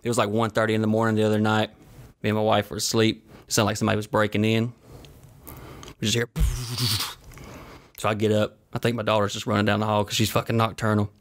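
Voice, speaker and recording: A man's voice: on the low side, completely flat delivery, fairly quick. A man hosting his own podcast, telling rambling, profane anecdotes with joking asides while sweaty and flushed. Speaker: podcast host. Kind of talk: casual solo storytelling.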